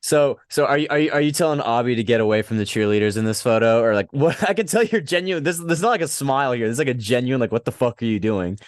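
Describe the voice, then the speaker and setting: A man hosting a casual interview, laid-back and quick to laugh. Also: mid-range voice, expressive, dry recording, clean studio sound. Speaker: podcast host.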